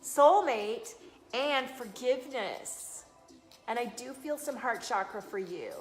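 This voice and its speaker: A woman with a slight Southern twang, hosting a live stream as an intuitive card reader and chatting effusively toward her phone camera. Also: mid-range voice. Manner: chatty and effusive, with sudden bursts of emphasis. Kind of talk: casual live-stream chat.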